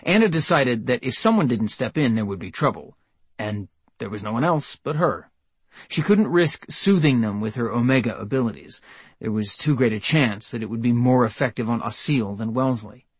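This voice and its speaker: A man reading an audiobook in measured, even scripted narration. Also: medium pitch, husky, dry recording.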